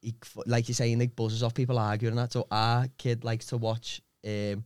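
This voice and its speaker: A man's voice: mid-range voice, level tone, moderate pace, a little mellow, smooth, dry recording. A man with a Liverpool accent chatting on a podcast, rambling through stories about his brother with lots of local slang. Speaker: podcast co-host. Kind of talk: casual chat.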